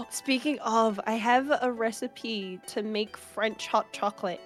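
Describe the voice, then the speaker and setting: A woman with an Australian accent chatting casually on a podcast, teasing and playful with quick asides. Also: fairly high pitch, soft background music. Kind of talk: casual chat.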